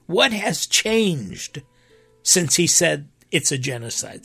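A man's voice: a little high, slow pace, dry recording, faint music behind. A man who preaches, talking earnestly in a conversational way, with emphatic rises. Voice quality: gravelly, husky. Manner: earnest, emphatic, with animated rises and quoted voices. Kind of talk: impassioned conversational talk.

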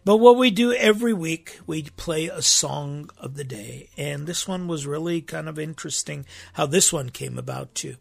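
A man's voice: on the high side, moderate pace, creaky, few pauses, breathy edge, no room sound. A man hosting a weekly faith program, talking reflectively and searching for his words with frequent restarts. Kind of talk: reflective spoken talk.

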